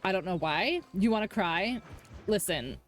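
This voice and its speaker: A woman's voice: mid-range voice, animated, unhurried. A woman streamer giving casual, rambling commentary while she plays, swearing freely.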